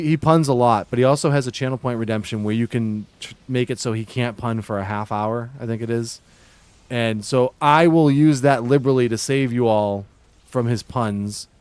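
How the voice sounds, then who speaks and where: A man's voice: medium pitch, darkish tone, smooth, dry recording. A man from Massachusetts livestreaming, chatting with viewers in an exaggerated put-on Boston-New York accent and playfully ribbing them. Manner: joking, playfully ribbing chat. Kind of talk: casual livestream chat.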